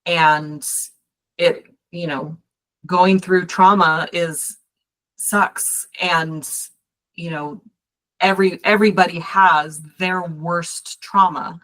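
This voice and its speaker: Woman coach-host, low voice, slow and affirming, reflective tone. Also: steady tone, a bit bright, poor audio. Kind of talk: casual interview talk.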